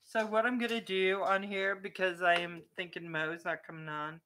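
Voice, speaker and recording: A woman's voice: lowish voice, little pitch movement, normal speed, pushed and bright. A woman vlogger in a casual live-stream chat with viewers, chatty and playful, often laughing and breaking off to talk to her dog.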